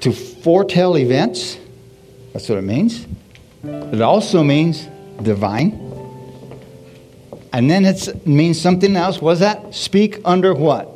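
A man's voice: on the high side, takes it slowly, long pauses. A man preaching a sermon with energy, asking the congregation questions and repeating "Hallelujah" as he goes. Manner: animated preaching with call-and-response, repeated "Hallelujah". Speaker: pastor. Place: church service. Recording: faint music behind.

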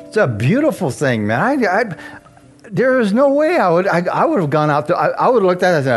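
A man preaching a casual sermon, telling a personal story with frequent laughs and lively asides. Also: high voice, fairly quick, faint music behind. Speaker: pastor.

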